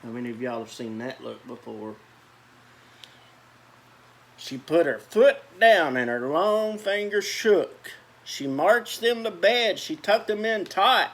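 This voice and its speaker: Man, storybook reader, slow deliberate pace, very lively up-and-down pitch, chatty asides. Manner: animated, chatty asides about the pictures. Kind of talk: reading a picture book aloud to children.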